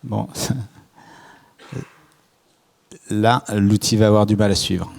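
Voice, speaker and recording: Low-pitched guy from france giving a keynote, halting, lots of ums. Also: fairly even intonation, gravelly, darkish tone. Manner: hesitant, many fillers and restarts. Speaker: keynote speaker. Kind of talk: conference talk. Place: conference hall stage.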